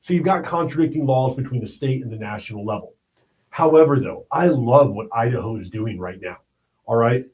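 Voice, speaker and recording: A man's voice: medium pitch, expressive, a little fast, a little mellow, low-quality recording. Blunt, emphatic male news commentator. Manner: blunt and emphatic, with repeated "all right?" asides. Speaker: livestream host.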